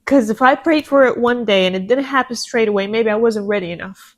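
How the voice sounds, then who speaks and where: A woman's voice: fairly high pitch, brisk. A woman co-hosting a casual podcast, talking in an earnest, emotional, motivational way about getting back up. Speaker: podcast co-host.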